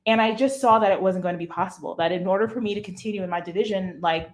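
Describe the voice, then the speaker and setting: Woman guest telling her story in an interview, lively and expressive, chatty. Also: mid-range voice, fast talker.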